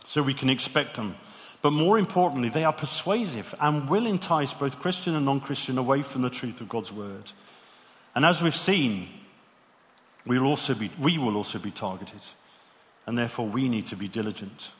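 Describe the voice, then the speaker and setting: A man's voice: mid-range voice, expressive, normal speed, a bit bright. A man preaching a sermon in an earnest way, asking many rhetorical questions. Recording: reverberant hall.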